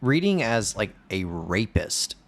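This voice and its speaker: A man's voice: lowish voice, very animated, slow, creaky. A man co-hosting a podcast in casual chat, recapping movie scenes and acting out the lines. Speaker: podcast co-host.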